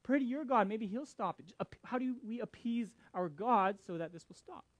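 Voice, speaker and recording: A man acting out a crew of terrified sailors in a storm, pleading and frantic. The voice jumps up high and pushes loud. The sound is close and dry. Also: a little fast, no echo, natural voice. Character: panicked group of male sailors in a storm.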